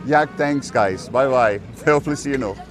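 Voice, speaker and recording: A man's voice: mid-range voice, a little slow. A young Dutch man, a native Dutch speaker, chatting casually on a live stream from a city street and talking with his chat and people passing by. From Netherlands. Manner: chatty and rambling, talks to chat and passersby.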